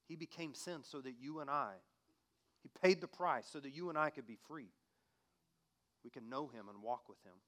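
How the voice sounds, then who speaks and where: A man preaching a sermon who reads scripture aloud and asks the listener direct questions. He swings between loud, emphatic passages and quiet, hushed appeals. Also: mid-range voice, normal speed, pauses often. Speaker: pastor.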